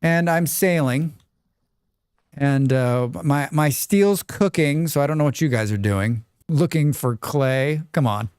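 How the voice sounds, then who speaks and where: A man putting on a flustered, halting voice to mock a fellow player who is busy sailing. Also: a little high, darkish tone, smooth, no echo, clean studio sound, natural voice.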